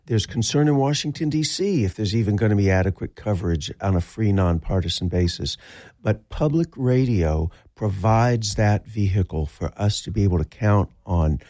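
Low-voiced man hosting a studio radio show. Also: expressive, moderate pace, warm tone, no echo. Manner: self-deprecating, loose. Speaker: public radio host. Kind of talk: casual on-air banter. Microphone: studio microphone.

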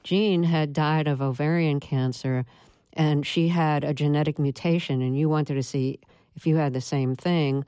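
Woman interviewer, low, mellow voice, dry sound. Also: fairly even intonation, moderate pace, clear, resonant tone, dry recording. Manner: gentle, checks facts with her guests. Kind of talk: interview questions.

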